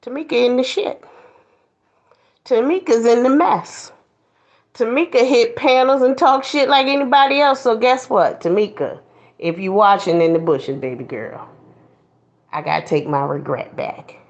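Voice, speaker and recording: A woman's voice: a little high, moderate pace, darkish tone, highs cut off. A woman host giving a blunt, preachy commentary monologue, mocking others in put-on voices.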